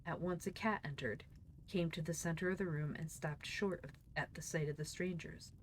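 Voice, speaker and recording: A woman's voice: fairly low pitch, slight background noise. A woman reading a storybook aloud on a live stream, giggly and chatty in asides to viewers.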